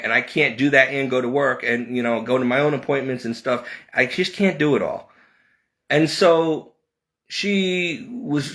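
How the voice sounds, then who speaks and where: A man telling a personal story in a rambling way, with restarts and repeated words, his pitch climbing when he relives his anger. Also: a bit bright. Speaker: video creator.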